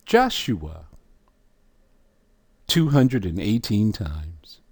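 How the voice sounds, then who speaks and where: Slow, low-voiced man teaching a lesson. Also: sing-song, dry recording. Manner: asks the listener questions, emphatic. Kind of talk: scripture lesson walking through a chart.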